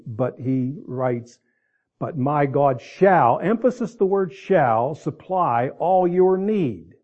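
A man's voice: on the high side, lo-fi sound. A man preaching a sermon in a conversational way, with asides and restarts, ending in prayer. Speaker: pastor.

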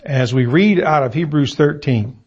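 A middle-aged man preaching an evening sermon in a church room, reading scripture and stressing words deliberately with fillers and pauses. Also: a little high, a little mellow, husky. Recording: muffled lo-fi sermon recording.

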